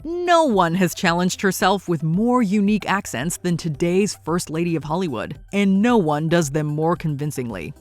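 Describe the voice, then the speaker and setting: Lively low-voiced woman narrator. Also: normal speed, hardly any pauses, dry recording. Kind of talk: scripted countdown narration. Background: faint music.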